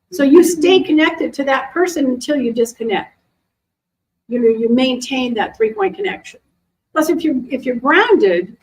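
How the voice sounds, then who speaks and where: A middle-aged woman, an animal communicator, chatting casually to a live audience and answering questions in a lively, animated way. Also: sits high, poor audio. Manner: chatty, animated, acts out quoted voices. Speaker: animal communicator and intuition teacher.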